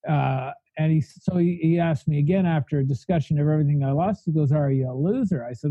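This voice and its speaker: A man's voice: on the high side, fast talker, few pauses, dark tone, dry recording, highs cut off. A man telling his recovery story in a podcast interview, blunt and fiery, speaking in long spoken lists. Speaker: guest sharing recovery story.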